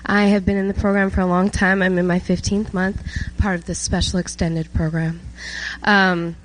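A woman's voice: on the low side, level tone, normal speed, slight background noise, poor audio. A nineteen-year-old woman from South Georgia giving an emotional personal testimony at a church service, with many fillers. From South Georgia, USA.

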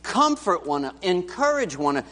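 A pastor with a high-pitched voice preaches a little slowly but with animation, often asking his listeners questions directly. The church hall lends noticeable reverb.

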